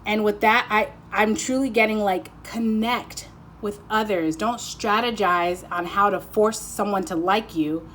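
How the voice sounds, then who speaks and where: A woman's voice: medium pitch, measured pace, slight background noise. Chatty, giddy woman reading tarot. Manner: chatty, rambling, swears freely; talkative, excited and giddy. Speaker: tarot card reader. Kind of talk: casual pick-a-card tarot reading.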